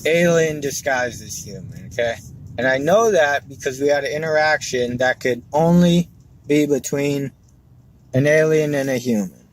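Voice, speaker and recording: A man's voice: medium pitch, normal speed. Wry male comic in a noisy car. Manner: wry, conversational storytelling. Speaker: stand-up comedian. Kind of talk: stand-up set. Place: car, while driving. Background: car and road noise.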